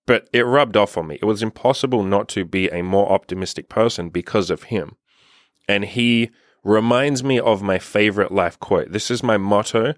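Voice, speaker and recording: A man's voice: on the low side, moderate pace, no echo, clean studio sound. A young man telling casual stories to camera, sweary and laughing as he talks. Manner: sweary, laughing, animated storytelling. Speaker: dating coach and vlogger.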